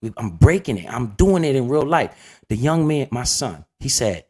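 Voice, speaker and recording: A man's voice: medium pitch, sing-song, moderate pace, darkish tone, slightly rough. A middle-aged man hosting a casual investing vlog, talking informally and often checking in with "right?". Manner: conversational, repeats "right?" and restarts often; informal colloquial speech. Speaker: finance video host.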